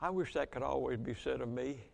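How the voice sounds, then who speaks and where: A man preaching a sermon as a Baptist pastor, reading scripture aloud, slowing on key words and asking the congregation questions. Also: medium pitch, creaky, darkish tone. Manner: reads scripture aloud, slows for emphasis, asks congregation questions.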